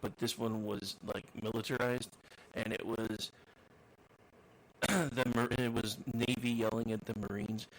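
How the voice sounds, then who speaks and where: Gravelly-voiced man co-hosting a talk show. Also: mid-range voice, flat delivery, normal speed, low-quality recording. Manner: rambling, repeats words, jokey. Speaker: radio show co-host. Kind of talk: casual chat.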